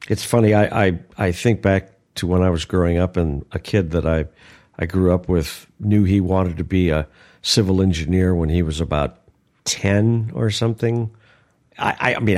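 Older male guest, reflective, lowish voice. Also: a little mellow. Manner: reflective, repeats words. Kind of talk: casual chat.

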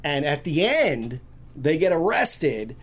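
A man's voice: on the high side, sing-song, takes it slowly, breathy edge. A man chatting as a podcast guest, rambling through stories with many restarts. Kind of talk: casual chat.

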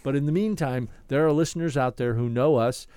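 Smooth-voiced man chatting on a podcast. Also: medium pitch, brisk, mellow, no room sound. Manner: rambling, restarts mid-thought. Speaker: podcast co-host. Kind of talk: casual chat.

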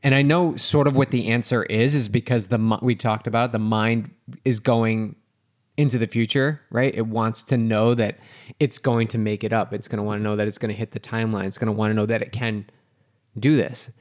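A man's voice: on the low side, fairly even intonation, brisk. A man hosting a podcast, asking thoughtful questions that he rephrases as he goes. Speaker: podcast host. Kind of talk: interview questions.

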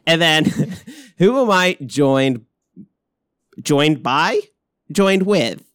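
A young man hosting a casual podcast from a hotel room, his voice sitting a little high. He chats with friends, laughs easily and corrects himself mid-sentence, and his voice comes across dry and close. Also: big pitch swings, very slow, fairly bright tone, clean tone, no echo. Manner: chatty, laughing often, self-correcting. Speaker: podcast host. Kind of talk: casual chat.

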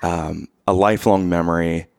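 A man co-hosting an interview, asking gentle questions and reacting briefly. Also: low voice, fairly even intonation, moderate pace, vocal fry, no echo, studio quality. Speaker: co-host. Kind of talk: casual interview chat.

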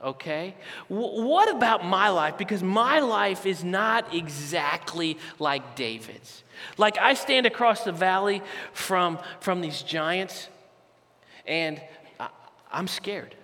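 With a high voice and a slow delivery, a campus pastor preaches a sermon, telling a story full of animated, conversational asides. The recording carries the reverb of a large church auditorium.

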